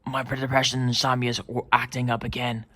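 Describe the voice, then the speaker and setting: A young performer voicing a gloomy male tomato toy fighter who talks slowly and mumbles. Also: mid-range voice, completely flat delivery, bright, forceful tone, pitched below the performer's own voice. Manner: mopey, slow, mumbling.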